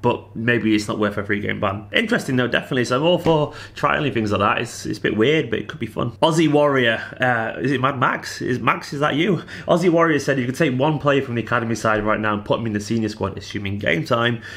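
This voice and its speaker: Man with a Manchester accent, rapid delivery, casual vlog Q&A, chatty and bantering, mid-pitched. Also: gravelly. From Manchester, England. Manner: chatty, animated, banters with viewers. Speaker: football fan vlogger.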